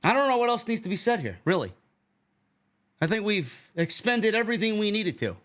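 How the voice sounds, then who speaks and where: A man's voice: sits high, sing-song, a little fast, a bit bright. A man co-hosting a wrestling podcast, indignantly ranting with profane rhetorical questions. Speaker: podcast co-host. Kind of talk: heated podcast rant.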